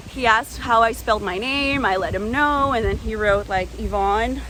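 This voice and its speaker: A young woman with a slightly high voice tells an excited story for her vlog, leaning on "like" at every turn. Now and then she gasps or squeals as she replays the moment. A faint hiss sits under the recording. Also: moderate pace, rough recording. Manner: animated, squeals and gasps when acting out her past self; peppers speech with "like". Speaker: vlogger.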